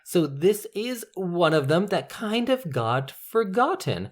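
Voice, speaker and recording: A man's voice: high voice, sing-song, slow. A man co-hosting a casual podcast, talking enthusiastically about movies and rattling off lists. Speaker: podcast co-host.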